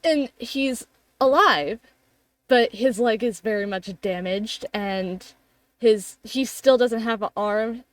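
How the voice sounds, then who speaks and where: Slow-paced young woman game master. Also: fairly high pitch, no room sound. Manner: unhurried, descriptive narration. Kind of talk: narrating a tabletop game.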